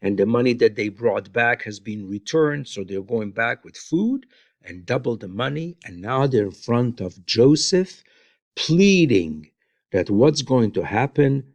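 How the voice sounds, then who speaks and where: A man retelling Bible stories in an informal, unhurried way, adding his own comments and Hebrew phrases, recorded on a close mic in a quiet room. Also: medium pitch, lively intonation, no echo. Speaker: Bible teacher.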